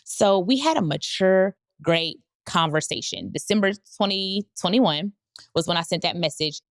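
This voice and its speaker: A woman podcast host telling a candid personal story, animated and leaping up in pitch when she quotes people. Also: normal speed, dry recording, studio quality. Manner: animated, jumps high when quoting people.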